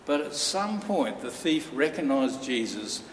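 A man preaches in a church hall, building his story with earnest, dramatic pauses. He sounds set back from the microphone, and his voice rings out in a long, echoing reverb. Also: mid-range voice, very animated, slight background noise. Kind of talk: sermon. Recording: echoey hall from far off.

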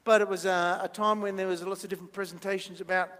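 A man's voice: high-pitched, little pitch movement, fast, a bit bright. A man leading a playful children's talk in church, chatty and jokey, quizzing the audience as he draws. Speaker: minister giving a children's talk. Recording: long church-hall reverb.

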